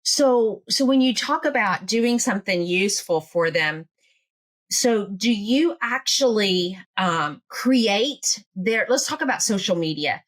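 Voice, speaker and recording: A woman's voice: mid-range voice, expressive, slow pace, fairly bright tone. A woman hosting an interview, supportive and teasing, asking the guest about her work. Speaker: podcast host. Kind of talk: casual interview conversation.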